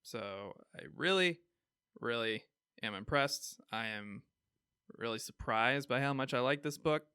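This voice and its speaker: A man with a Midwestern accent talks casually as a podcast co-host, chuckling through his opinions. His voice comes across smooth and resonant. The sound is dry and close. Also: medium pitch, animated, measured pace, sharp tone, dry recording. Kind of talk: casual chat reviewing comics.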